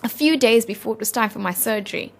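A woman's voice: fairly high pitch, vocal fry. Earnest South African woman telling her story. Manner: earnest, halting, heartfelt. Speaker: interview guest. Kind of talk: personal storytelling in an interview.

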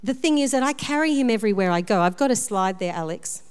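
A woman pastor preaching a sermon, telling personal stories in a lively, self-deprecating way. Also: on the high side, fast talker, clear, resonant tone. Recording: long reverb of a large hall.

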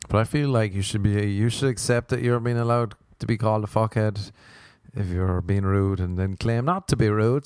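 A man's voice: fairly low pitch, steady tone, normal speed, a little mellow, clean tone, no echo, clean studio sound. A young man hosting a podcast, rambling through comic stories with plenty of swearing. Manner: rambling, swearing, jumps between silly impressions. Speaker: podcast host.

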